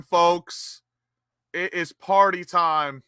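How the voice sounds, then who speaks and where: A young man hosting a live football watch-along, cheering as an excitable fan. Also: on the high side, drawn-out words, clean tone, no echo.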